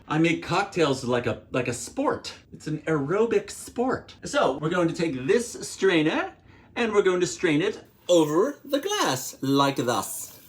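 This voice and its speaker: A man's voice: a little high, sing-song, slow pace. A middle-aged man from Pittsburgh with a Pittsburgh accent, hosting a playful, theatrical home cocktail tutorial at home. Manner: playful, theatrical, swoops up on counts and exclamations. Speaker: home bartending host.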